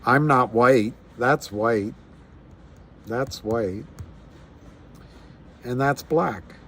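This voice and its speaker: A man's voice: medium pitch, extremely slow, a bit bright, slight background noise. A man hosting a casual livestream, musing aloud in a rambling way with frequent restarts. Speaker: livestream host.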